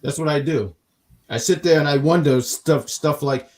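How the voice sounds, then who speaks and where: A man's voice: on the high side, moderate pace, darkish tone. A man co-hosting a wrestling review show in casual chat, joking and rambling with stammered restarts.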